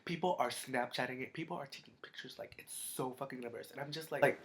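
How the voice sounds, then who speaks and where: A teenage boy vlogger tells a storytime in casual chat, his medium-pitched voice moving quickly through a very noisy recording. He rambles with constant fillers, swears a lot, and his voice cracks.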